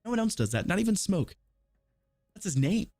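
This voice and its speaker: A man from the American South casting an esports match play by play, quick and teasing with his co-caster. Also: high voice, very animated, a little mellow, dry recording, clean studio sound, faint music behind. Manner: quick and teasing, joking between plays. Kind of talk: play-by-play commentary.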